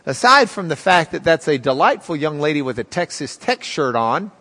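A man in his fifties gives a Bible class to a live audience, his fairly high voice bright and clear. He talks in a loose, conversational way, full of ums and restarts. A long reverb from the large room trails after each phrase. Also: big pitch swings, normal speed. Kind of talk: storytelling lecture.

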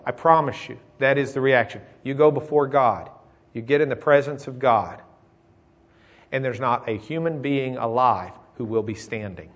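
A man delivering a sermon in a relaxed, folksy manner. He tells a joke and then shifts between rising emphasis and hushed, close reflection. His voice sits in a middle pitch. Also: normal speed. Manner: folksy, tells jokes, swings from loud emphasis to quiet. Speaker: preacher.

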